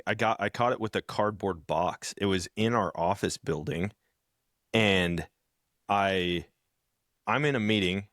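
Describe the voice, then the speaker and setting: A man co-hosting a podcast in casual chat, telling animated stories and acting out the people in them. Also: low voice, no echo, clean studio sound. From rural background. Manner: storytelling, animated when acting out others. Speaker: podcast co-host.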